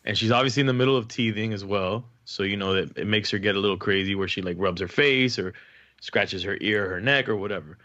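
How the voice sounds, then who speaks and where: A man's voice: lowish voice, quick pace, pushed and bright, lo-fi sound. A young man co-hosting a casual podcast, chatting in a laid-back way about his baby daughter and laughing easily. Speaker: podcast co-host. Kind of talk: casual chat.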